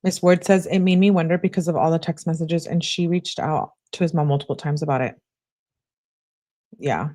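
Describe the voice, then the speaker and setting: A young woman reading out text messages aloud, adding quick asides of her own. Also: low-pitched, fairly even intonation, dark tone. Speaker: true crime commentator.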